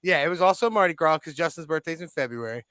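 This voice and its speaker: With a fairly high, animated voice and a fast delivery, this young man co-hosts a podcast, spinning a story casually while cursing freely and slipping into quoted voices. Crowd noise can be heard in the background.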